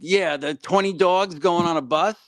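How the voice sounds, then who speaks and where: A man chatting casually, mostly agreeing quietly and adding short remarks. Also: high voice, moderate pace, crowd noise. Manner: quiet back-channel agreement. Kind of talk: casual chat.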